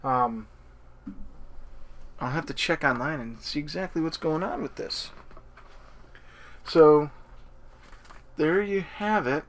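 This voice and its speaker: Male unboxing host, unhurried and gravelly, casual and hesitant, lots of ums. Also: on the high side. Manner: hesitant, thinking aloud, many ums.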